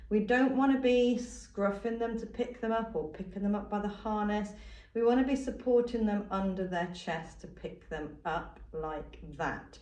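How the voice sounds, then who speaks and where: A woman dog trainer explains a technique step by step with patient, repeated reminders. Her voice sits at an ordinary middle pitch. It comes across roomy and a little distant from the mic. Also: darkish tone. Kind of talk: instructional demonstration.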